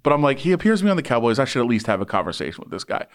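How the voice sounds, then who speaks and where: Lively male sports reporter telling a story. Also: mid-range voice, rapid-fire. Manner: animated, voices people in anecdotes. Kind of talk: casual storytelling on a podcast.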